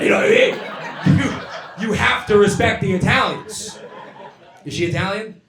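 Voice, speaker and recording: A young man from Florida doing a stand-up comedy set on a club stage, dropping to low mumbled asides and then shouting his punchlines. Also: fairly quick, a crowd in the background. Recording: roomy club sound. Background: audience laughter.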